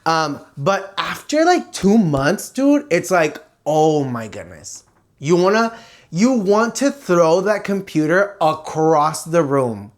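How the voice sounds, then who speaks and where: Animated bilingual vlogger. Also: medium pitch, slow pace. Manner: animated and expressive, imitates ringing sounds. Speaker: vlogger host. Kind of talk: casual storytelling chat switching between Spanish and English.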